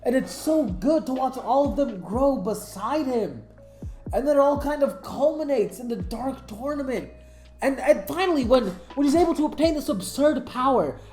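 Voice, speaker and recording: A woman in casual commentary, gushing and profane, a fan who gets swept up in what she loves. Her pitch swings in a lively way. The room is roomy and echoey, with faint music behind. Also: normal speed. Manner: excitable, profane, emotional fan talk. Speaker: anime commentator.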